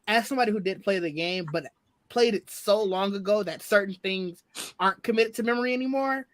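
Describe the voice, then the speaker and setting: A man chatting casually on a podcast, recorded dry and close. His voice is bright and mid-pitched. He talks in a relaxed, rambling way. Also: brisk, no room sound. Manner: relaxed, rambling, repeats himself. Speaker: podcast co-host. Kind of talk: casual chat.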